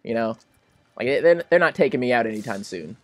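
Young male gamer, animated swooping delivery, dry close mic, over-the-top reactions. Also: medium pitch, fairly quick, dry recording. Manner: excitable, melodramatic, swings between pleading and laughing. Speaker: gaming commentator. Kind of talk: casual let's-play commentary.

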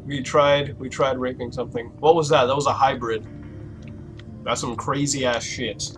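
A young man commentating a horror game let's play, swearing a lot and reacting loudly with jumpy outbursts. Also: mid-range voice, fairly even intonation, normal speed, faint music behind. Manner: loud, profane, jumpy reactions. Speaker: gaming YouTuber.

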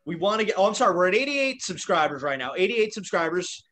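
A man's voice: high-pitched, very animated, fast, a bit bright. A man co-hosting a casual video podcast, joking and teasing his guest, with a self-described nitpicky streak. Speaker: podcast co-host.

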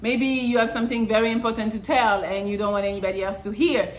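A woman talks through dating advice in a loose, blunt way, swearing freely. Her voice sits a little high, and the room gives it a noticeable echo. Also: fairly even intonation, fast, slight background noise. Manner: frank and profane, acts out little quotes. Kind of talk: casual advice talk to camera.

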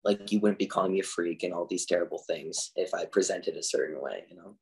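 A drag artist appearing as a podcast guest chats casually in an interview, his talk packed with "like" fillers. His deep voice moves at a quick pace, with vocal fry and a slightly mellow quality.

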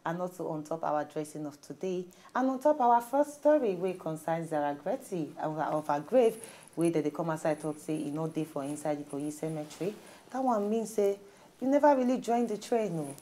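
A woman's voice: on the low side, moderate pace. A woman with a Nigerian accent hosting a studio talk show, chatting casually in pidgin and reading out stories. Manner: animated, laughs often, reads out stories.

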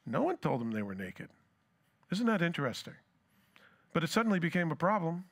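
A man's voice: a little high, sing-song, fairly quick. A pastor preaching a sermon who asks his congregation rhetorical questions and acts out scripture dialogue.

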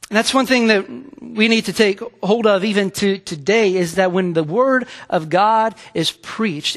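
High-voiced pastor preaching in a reverberant church. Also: male voice, fairly bright tone. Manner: earnest, halting with repeated restarts. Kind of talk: sermon. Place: church sanctuary. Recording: long hall reverb.

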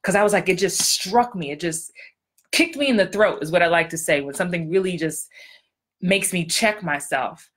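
Woman acting coach, excitable, chatty, direct to camera; bright, forward tone. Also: lowish voice, moderate pace. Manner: excitable, upbeat, talks straight to viewers. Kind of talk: casual livestream chat.

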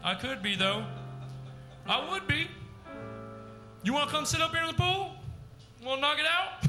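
A man's voice: very high voice, sing-song, normal speed, long pauses, music in the background. A man doing live character comedy on a club stage, rambling and blustery like a brash dad working the crowd. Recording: echoey live club room.

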